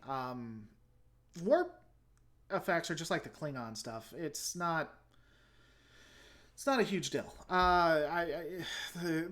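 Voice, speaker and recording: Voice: medium pitch, fairly bright tone. A YouTube host giving casual reaction commentary and answering viewer comments, frank and opinionated, often restarting sentences.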